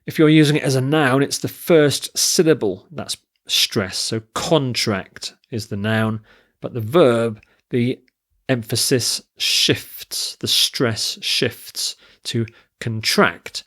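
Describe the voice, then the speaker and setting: Man, english teacher, vocabulary lesson, unhurried deliberate delivery, medium voice. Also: medium pitch, fairly bright tone. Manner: slow, deliberate, spells out word forms and stress.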